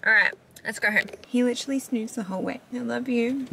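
A woman's voice: on the high side, quick pace, gravelly, heavy background noise. A young Australian woman talking frankly and casually to camera in a vlog, swearing freely. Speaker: vlogger.

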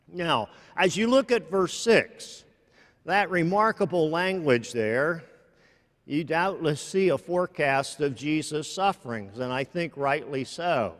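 A man preaching a sermon slowly and deliberately, often restarting his phrases. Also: fairly high pitch, fairly bright tone. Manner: slow, deliberate, with many restarts. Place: large church. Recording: long church reverb.

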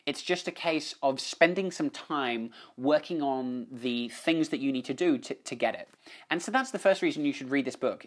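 Halting New man on a live stream. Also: mid-range voice. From New Zealand. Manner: halting, many restarts, greets viewers. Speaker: livestream host. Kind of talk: casual live-stream chat. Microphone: phone on a live stream.

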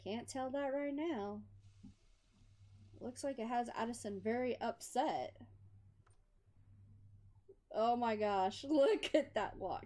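A woman's voice: fairly high pitch, takes it slowly, pauses often, dark tone. A woman giving casual commentary while playing a life-sim game, chatting to her character and laughing often. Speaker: gameplay commentator.

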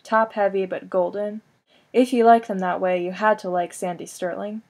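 A woman narrating a first-person audiobook in a wry, conversational tone. Her voice sits at an ordinary middle pitch and moves along easily. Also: steady tone, moderate pace, a little mellow. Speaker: audiobook reader.

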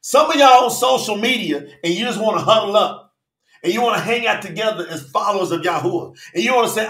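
A man preaching a fervent livestream sermon, often shouting and calling out viewers by name. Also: sits high, lively intonation, quick pace, reverberant. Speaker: preacher and channel host.

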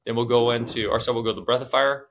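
A man guiding a breathing exercise, calmly coaching and counting breaths aloud. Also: medium pitch, fast talker. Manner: soothing meditative guidance. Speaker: breathwork guide. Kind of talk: guided breathing instruction.

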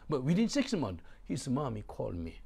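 A middle-aged man, a pastor preaching a sermon in halting, broken English. He drops to low murmurs and then bursts out loudly. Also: huge pitch swings. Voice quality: gravelly. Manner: swings from low murmurs to loud exclamations.

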